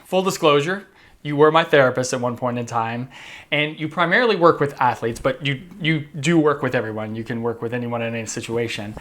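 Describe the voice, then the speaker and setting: A man hosting a podcast, telling a story in an earnest way with suspenseful pauses. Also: mid-range voice. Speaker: podcast host. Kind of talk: storytelling narration. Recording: faint guitar music behind. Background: soft guitar music.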